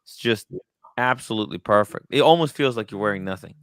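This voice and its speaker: A man's voice: fairly low pitch, fast talker, a bit bright, no room sound, clean studio sound. A man hosting a casual livestream chat about watches, rambling with many fillers and restarts. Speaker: watch podcast host. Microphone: studio mic.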